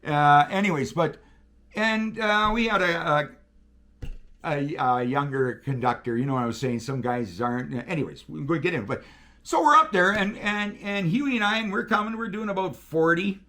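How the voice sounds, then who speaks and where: A man with a high, bright-sounding speaking voice that swoops wildly up and down. He talks in a loose, animated, profane way, telling stories in casual chat. He acts out radio calls as he goes. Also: moderate pace. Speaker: guest, railroader.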